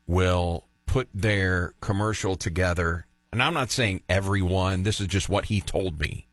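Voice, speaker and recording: A man's voice: fairly low pitch, fairly bright tone, dry recording. A man hosting a sports radio show, talking casually and with opinions, and telling stories from the studio. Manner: chatty, opinionated, storytelling.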